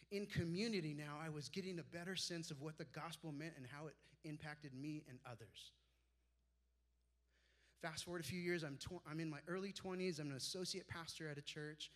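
A man in his forties, a pastor, is delivering a sermon full of personal stories. Whenever he quotes his mentors, his voice goes soft and low.

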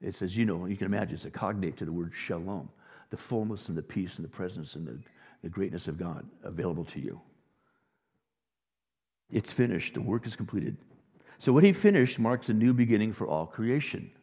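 Animated male pastor in a reverberant hall. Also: sits low, fairly quick, vocal fry, slightly rough. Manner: animated, swings from quiet to loud emphasis. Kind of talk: sermon. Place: church sanctuary. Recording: long reverb of a large hall.

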